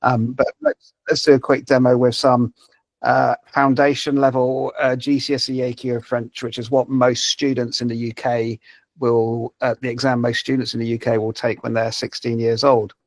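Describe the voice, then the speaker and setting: A man's voice: medium pitch, level tone, normal speed, dry recording. A man presenting a language-learning app in a live webinar, talking over a video call with many fillers and restarts. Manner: hesitant, many fillers and repeated words.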